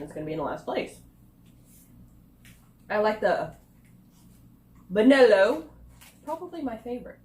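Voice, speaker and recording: A woman reviewing snacks in a casual taste-test vlog, chatting and thinking aloud with quiet asides. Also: lowish voice, slight background noise. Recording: echoey room.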